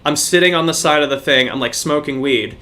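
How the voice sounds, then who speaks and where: A man's voice: fairly high pitch, brisk, bright, forceful tone. A young man, a podcast co-host, telling a profane story in casual chat.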